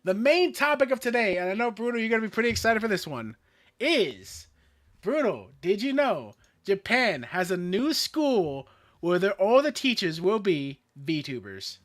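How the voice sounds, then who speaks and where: A young man co-hosting a casual podcast, telling stories with lively, profane energy. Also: sits high, moderate pace, dry recording, studio quality. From Florida, USA. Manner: animated storyteller, swears freely. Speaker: co-host.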